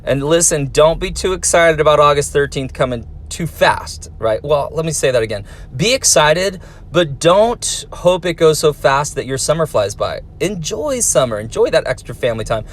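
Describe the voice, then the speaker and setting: A man's voice: fairly high pitch, animated, normal speed. Friendly man answering viewer comments. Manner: friendly, encouraging, talks to kids. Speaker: teacher and YouTube host reading viewer comments. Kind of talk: casual chat reading comments aloud.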